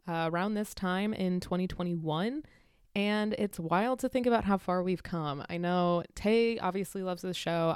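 A woman co-hosting a podcast, talking in a relaxed, friendly way with casual fillers. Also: on the low side, smooth, no echo, clean studio sound. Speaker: podcast co-host. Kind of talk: casual chat.

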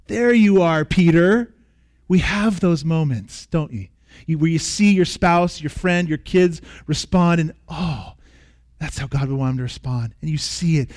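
Guy preaching a sermon, kinda high voice, repeats stuff for emphasis, goes real soft sometimes. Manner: earnest, emphatic repetition, dropping to soft near-whispers. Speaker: pastor.

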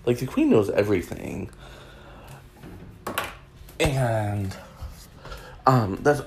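A man's voice: medium pitch, darkish tone, slight background noise. A man hosting a podcast alone, rambling and joking in casual chat with lots of fillers. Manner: rambling, chatty, jokey, many fillers. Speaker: podcast host.

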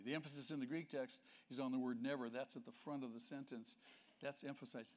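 A man's voice: mid-range voice, steady tone, quick pace, a little mellow. A male pastor preaching a sermon with emphasis, asking the congregation rhetorical questions.

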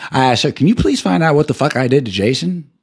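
An angry man rants alone on his podcast, swearing constantly. His husky voice swings through a wide pitch range and jumps up high whenever he gets worked up. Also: lively intonation, fast talker. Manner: profane, ranting, voice jumps high when heated. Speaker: podcast host. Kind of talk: angry solo rant.

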